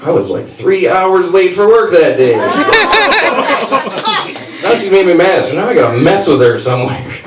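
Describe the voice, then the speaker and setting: A man doing a stand-up comedy set, telling a story and jumping into high put-on voices for the people in it. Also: huge pitch swings, measured pace, long pauses. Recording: roomy, distant mic with faint noise.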